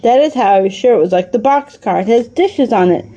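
A woman's voice: on the high side, expressive, a little fast, mellow, muffled recording. A woman reading as a sensible older boy. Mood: matter-of-fact.

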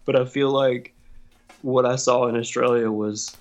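A man's voice: medium pitch, fairly even intonation, unhurried. A man telling a story in casual chat, swearing freely and laughing often. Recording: dull lo-fi sound.

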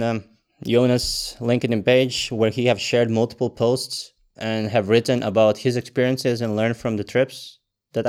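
A man hosting a podcast speaks in a smooth, resonant voice. His phrasing is earnest and a little halting as he speaks directly to his guest and to the listeners. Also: medium pitch, a little mellow. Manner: earnest, slightly halting non-native phrasing. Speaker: podcast host. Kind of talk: casual interview chat.

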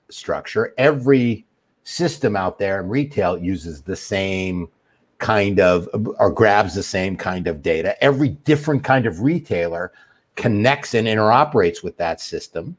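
A middle-aged man with a lowish voice talks through his subject in a steady, explanatory way, leaning on everyday examples. He sounds like an interview guest walking a host through the basics. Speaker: guest expert on master data.

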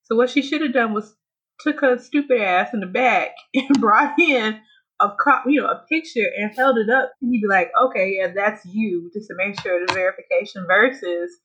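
A woman's voice: mid-range voice, normal speed, fairly bright tone, a little hiss or hum. A woman in casual chat, reacting with blunt, profane commentary. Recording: dull lo-fi sound.

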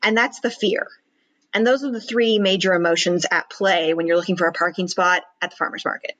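A woman public speaking coach chatting in an interview, slipping into quick acted-out inner voices to make her point. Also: on the low side, steady tone, a bit bright, low-quality recording. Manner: acts out worried inner voices in quick asides. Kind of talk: podcast interview chat.

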